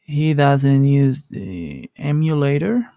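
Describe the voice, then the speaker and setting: Gravelly late-night commentator from Colombia. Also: male voice, dry recording, clean studio sound. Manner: relaxed, low late-night voice, halting restarts. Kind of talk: live esports commentary.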